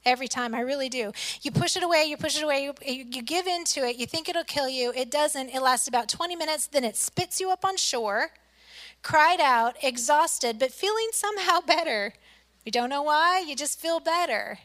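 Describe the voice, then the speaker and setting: Bright high-voiced woman preaching. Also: lively intonation, moderate pace. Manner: earnest storytelling, swings between loud emphasis and soft hushed lines. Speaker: pastor. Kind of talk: sermon with personal story.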